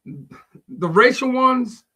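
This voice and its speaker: A man co-hosting a faith podcast who talks in a relaxed, chatty way and laughs easily. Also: extremely high pitch, drawn-out words, slightly rough. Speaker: podcast co-host. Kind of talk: casual storytelling chat.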